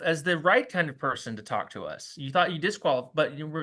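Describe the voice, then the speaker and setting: An American man giving a volunteer training talk, halting with many restarts and acting out doorstep exchanges. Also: on the high side, animated, sharp tone. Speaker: canvassing trainer.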